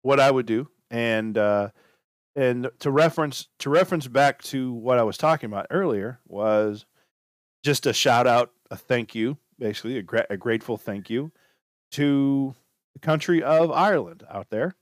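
A man's voice: mid-range voice, normal speed, no echo. Rambling man giving casual advice, dry sound. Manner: rambling, loose, restarts and repeats himself. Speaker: podcast host.

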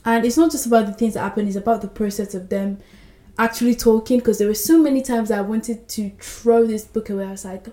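A woman hosting a book podcast, retelling scenes with lively character voices in casual chat. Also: a little high, fairly quick, roomy sound.

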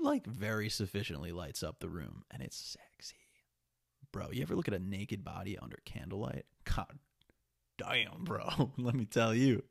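Gravelly young man rambling on a podcast. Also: fairly low pitch, no room sound, clean studio sound. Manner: rambling, profane and restless. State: sniffly. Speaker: podcast host. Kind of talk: casual solo podcast monologue.

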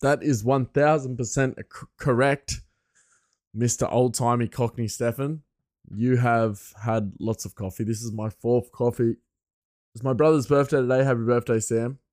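A man's voice: mid-range voice, fairly even intonation, moderate pace, darkish tone, no echo, studio quality. A man hosting a solo podcast in a casual, rambling way, often restarting his sentences, with a stuffy nose. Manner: rambling, self-correcting. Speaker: podcast host.

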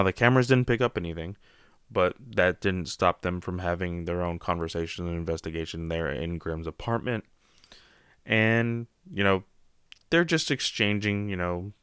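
A man's voice: low voice, fairly bright tone, clear, resonant tone, no room sound, clean studio sound. A man giving a casual spoken comic book review, rambling and often saying "you know.".

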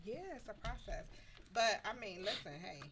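A woman's voice: mid-range voice, normal speed, fairly bright tone, faint music behind. A woman co-hosting a live radio show in casual, playful banter, giggling and stretching her phrases. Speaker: radio co-host. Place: radio studio.

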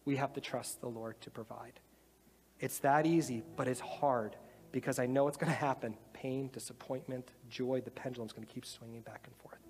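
A man giving a casual, animated sermon, talking conversationally and acting out little voices as he explains. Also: mid-range voice, normal speed. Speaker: preacher. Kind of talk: sermon with demonstration. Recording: long hall reverb, faint music.

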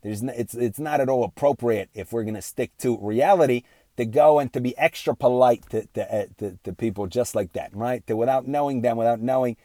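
A man's voice: mid-range voice, warm tone. An earnest man speaks in a middle-range voice, delivering an unscripted moral lecture. He fires off rhetorical questions and keeps asking "right?", stumbling through restarts and ums along the way. The sound is dry and close, with no room echo. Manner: halting restarts with many fillers. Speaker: speaker giving a moral talk.

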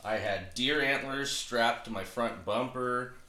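A man's voice: mid-range voice, measured pace, pushed and bright, echoey room. A man in his twenties telling a crude story about his first job in casual chat. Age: 20s. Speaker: podcast co-host.

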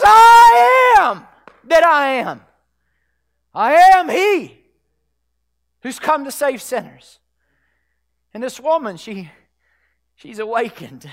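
A pastor preaching a sermon to his church, swinging from hushed, whispered lows to shouted climaxes. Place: church sanctuary.

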